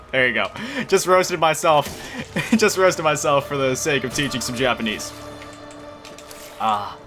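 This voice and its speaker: This gaming video creator talks casually over his gameplay in a medium-pitched voice with a bright, forceful tone. He rambles and frequently corrects himself, using many fillers and chuckling at his own expense.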